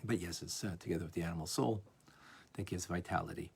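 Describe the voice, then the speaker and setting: A man teaching a lively class on a religious text, asking "right?" often and acting out examples. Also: sits low, fast talker, vocal fry, a little hiss or hum. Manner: animated, playful, acts out examples, frequent "right?". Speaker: Torah teacher.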